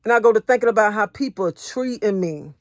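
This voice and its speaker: This faith encourager is a married adult woman who talks fast in an animated, medium-pitched voice, recorded at studio quality without echo. Her motivational message is earnest and repetitive, delivered like casual preaching, with her own testimony told in everyday language.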